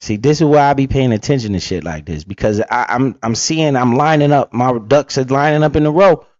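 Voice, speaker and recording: A man's voice: mid-range voice, fairly quick, darkish tone, no room sound, lo-fi sound. A man giving blunt, profane, casual commentary while reacting to an interview, full of asides and storytelling.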